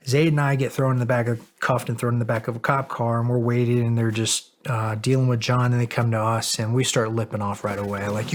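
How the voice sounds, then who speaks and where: Middle-aged male guest, casual storyteller, mid-pitched voice, cursing and laughing at himself. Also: brisk. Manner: animated, profane, laughs at himself. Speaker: podcast guest.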